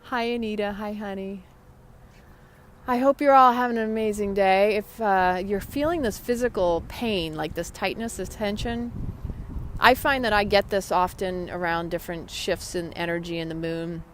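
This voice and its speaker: Woman host, mid pitch, chatty and rambling, casual wellness live stream, faint hiss behind. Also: moderate pace. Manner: chatty, rambling, greets viewers by name. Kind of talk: casual live chat about yoga and wellness.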